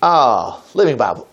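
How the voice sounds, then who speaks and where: A man preaching a sermon, reading Bible verses slowly and breaking off for folksy, exclamatory comments. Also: medium pitch, gravelly, husky. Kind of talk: sermon reading scripture aloud.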